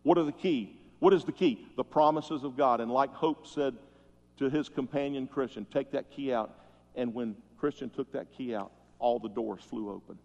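A man's voice: mid-range voice, normal speed, gravelly. Preaching man in a reverberant hall. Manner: storytelling preacher, swells loud then drops soft. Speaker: pastor. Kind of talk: sermon. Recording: muffled sound with long hall reverb.

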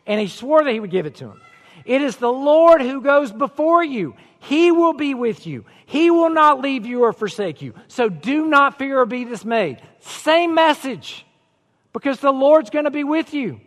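A man delivers a sermon in a relaxed, conversational way that climbs into emphatic declarations. His voice sits very high for a man. The sound carries the long reverb of a large church sanctuary. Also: moderate pace. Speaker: pastor.

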